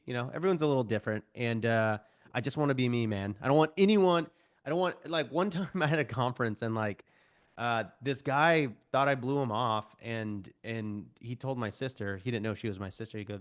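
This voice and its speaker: A podcast guest in his thirties speaks in a mid-range voice. He is chatty and self-deprecating and often acts out quick voices of the people in his stories. The delivery is loose and unscripted. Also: mid-range voice. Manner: animated, self-deprecating storyteller who acts out quoted voices. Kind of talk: podcast interview.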